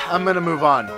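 A let's player with a very high-pitched, gravelly voice gives casual commentary over game music. He jokes, swears, and talks to the game's characters.

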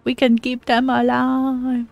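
A woman's voice: high-pitched, completely flat delivery, slow pace, vocal fry, a little mellow, no echo. A woman streaming a game, chatting casually and playfully with frequent laughter. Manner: giggly, playful. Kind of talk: casual gaming chat.

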